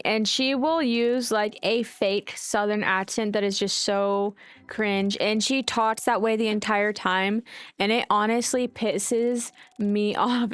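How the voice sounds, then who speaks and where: A woman's voice: mid-range voice, smooth, no room sound. A woman from the United States streaming, chatting casually and ranting with freely dropped swears. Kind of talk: casual chat with voice call and chat.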